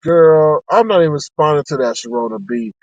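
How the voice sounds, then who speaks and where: A man giving sassy, animated live-stream commentary to his chat. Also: fairly quick, dry recording, lo-fi sound. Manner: sassy and animated, with sharp pitch swings.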